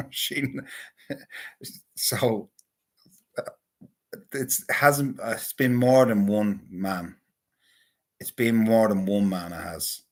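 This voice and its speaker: A man's voice: on the low side, slow pace, long pauses, a little mellow. A man in a casual, rambling monologue, talking crudely and swearing often. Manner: crude, profane, rambling banter. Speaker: vlogger.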